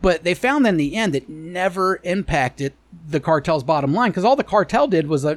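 A man's voice: sits high, normal speed, no room sound. A man co-hosting a podcast, telling crude rambling stories with lots of profanity. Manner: rambling, profane, animated storytelling. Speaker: podcast co-host. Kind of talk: crude comedic banter.

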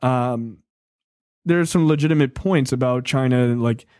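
A man's voice: medium pitch, measured pace, a little mellow, no echo, clean studio sound. A man co-hosting a podcast, talking politics in casual, sarcastic banter and often restarting his sentences. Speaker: podcast co-host.

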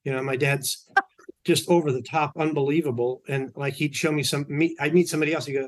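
A man's voice: medium pitch, steady tone, a little fast. A man being interviewed, telling personal stories in a chatty way, often correcting himself mid-sentence. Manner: chatty, anecdotal, with self-corrections. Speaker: podcast guest. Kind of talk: storytelling in an interview.

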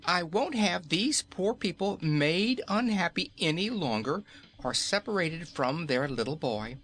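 A man's voice: fairly high pitch, expressive, a little slow, fairly bright tone, pitched above the performer's own voice. A man voicing a bold, indignant little girl who scolds firmly. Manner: scolding, firm.

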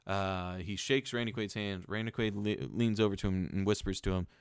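A man casually retelling a strange movie, animated, with plenty of ums, likes and swearing. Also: lowish voice, normal speed, clear, resonant tone, no echo, studio quality.

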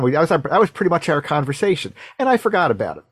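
Male radio host, halting and repetitive delivery, storytelling, dry close sound. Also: fairly high pitch, very animated, fairly bright tone, breathy edge, dry recording. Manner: halting, repeats words and restarts often. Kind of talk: conversational storytelling interview.

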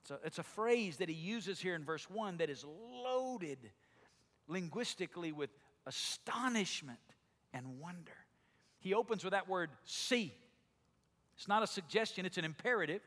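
A man from Alabama with a Southern drawl, preaching a sermon as pastor, moving between loud exclaiming and slow, quiet emphasis. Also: high voice, very animated, in a large hall. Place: church sanctuary.

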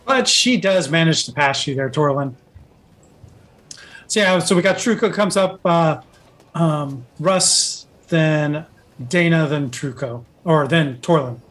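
A man's voice: fairly high pitch, takes it slowly, a bit bright. A man narrating as game master of a tabletop game, rambling with lots of fillers.

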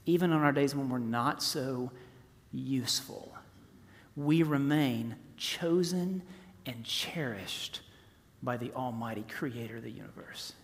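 A man in his forties preaching a sermon, rising to loud emphasis and dropping to hushed, near-whispered softness. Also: medium pitch, measured pace. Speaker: pastor. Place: church sanctuary. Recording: long reverb of a large hall.

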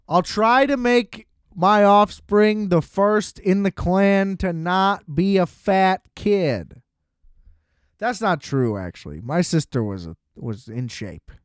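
A young man with a high, smooth, clear voice hosts a podcast in an unhurried, lackadaisical ramble. He keeps tossing in joking, self-mocking asides. The sound is close and dry. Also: no echo. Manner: laid-back, lackadaisical delivery. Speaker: podcast host. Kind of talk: casual comedic rant.

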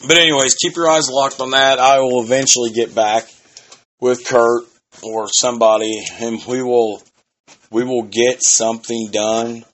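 A man's voice: medium pitch, little pitch movement, a little slow, a bit bright. A man in his thirties hosting a solo podcast, rambling loosely and swearing now and then. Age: 30s. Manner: rambling, loose and profane, with frequent restarts. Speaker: podcast host.

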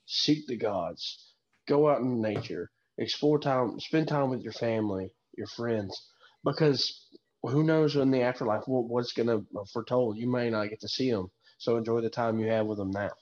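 A man's voice: medium pitch, darkish tone. Texan man on dull, muffled audio. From Texas. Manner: earnest advice, halting with fillers. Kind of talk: casual podcast chat.

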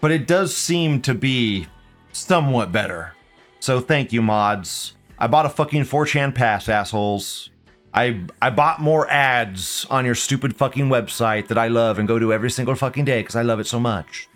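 A man's voice: medium pitch, moderate pace, fairly bright tone, soft background music. A man in his thirties hosting a casual live commentary show. He swears a lot, laughs often, and drags out mocking words. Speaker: livestream show host.

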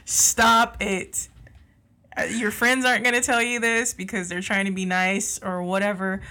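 A woman from California co-hosting a podcast in casual chat, with a Southern country twang that slips into her speech; lively, profane and quick to laugh. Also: medium pitch. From San Jose, California. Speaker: podcast co-host.

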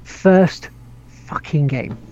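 A man's voice: on the high side, lively intonation, drawn-out words, dark tone. A man hosting a casual gaming podcast, rambling with restarts, laughing and swearing casually. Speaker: podcast host. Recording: dull lo-fi audio.

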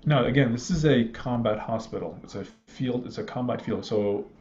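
A man in his thirties from Iraq, a guest calmly telling a personal story in a halting way, with many fillers, on a slightly muffled recording. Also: mid-range voice, a little hiss or hum. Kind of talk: conversational storytelling. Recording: slightly dull, muffled audio.

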